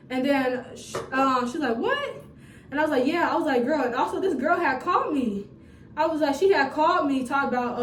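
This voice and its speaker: A young woman telling a storytime vlog in a casual, animated, profane way with laughing asides, filmed on a phone. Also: high-pitched, a little hiss or hum. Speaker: storytime vlogger. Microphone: phone camera. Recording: roomy phone recording from a distance.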